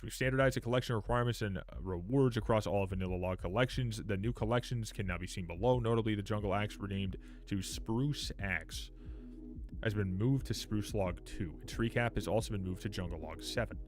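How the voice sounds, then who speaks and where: A young man livestreaming a game, chatting casually with viewers, swearing freely and reacting loudly while reading patch notes aloud. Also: on the low side. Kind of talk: casual live game stream.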